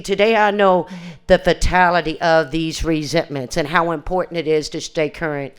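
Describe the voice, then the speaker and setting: Her voice fairly low, clear and resonant, an older recovery speaker offers sincere, unadorned testimony at a reunion. She keeps restarting her sentences and quotes the conversations she had.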